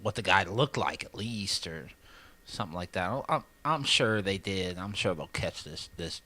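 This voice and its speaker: A young man from casually reading and mocking local news stories, swearing a lot and acting out loud voices. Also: low voice, expressive, moderate pace. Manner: profane, joking, acts out voices loudly.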